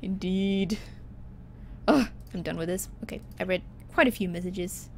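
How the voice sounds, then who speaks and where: A woman's voice: on the low side, lively intonation, fairly quick, gravelly, slight background noise. A woman streaming a video game, chatting casually with a giggly, self-mocking manner. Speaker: gaming streamer. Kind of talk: casual let's-play commentary.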